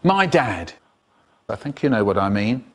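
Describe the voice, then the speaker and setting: A man telling comic stories in a theatrical, drawn-out way, cut up and spliced into a remix. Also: lowish voice, big pitch swings, a bit bright. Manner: theatrical, drawn-out, exaggerated pauses and voices. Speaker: storyteller.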